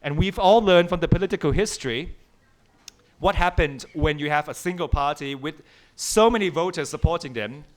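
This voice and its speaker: A man from Thailand speaking as a panelist in a measured, analytical way. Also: fairly high pitch. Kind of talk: panel discussion remarks.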